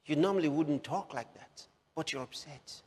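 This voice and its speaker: A man preaching a sermon, slowly repeating key phrases for emphasis. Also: a little high, darkish tone, husky. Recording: long hall reverb.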